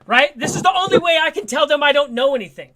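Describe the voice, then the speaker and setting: A man's voice: very high-pitched, quick pace, background noise. A man telling streetwise stories in a casual, swearing chat. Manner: streetwise, swearing, animated storyteller.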